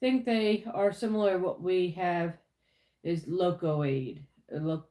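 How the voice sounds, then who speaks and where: A woman from the US runs a casual livestream, welcoming viewers by name and chatting about how her week went. Her voice is lowish and warm, at normal speed, and the room is echoey.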